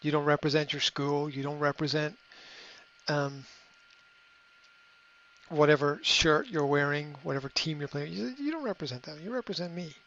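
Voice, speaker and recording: Halting, higher-pitched male podcast host. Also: a bit bright. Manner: halting, repeats words, many ums. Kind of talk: motivational monologue. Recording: slightly dull lo-fi audio.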